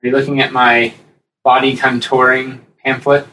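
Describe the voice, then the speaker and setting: Male podcast co-host, chatty and rambling, slightly off-mic, middle pitch. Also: normal speed, reverberant, far from the mic, slight background noise, rough recording. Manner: rambling, animated, jumps into high-pitched impressions. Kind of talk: casual chat.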